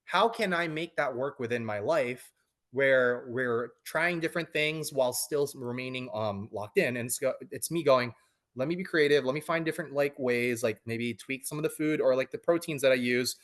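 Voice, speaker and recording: A man's voice: mid-range voice, normal speed. A man in his thirties, a coaching client, talking casually in an interview with many fillers and restarts.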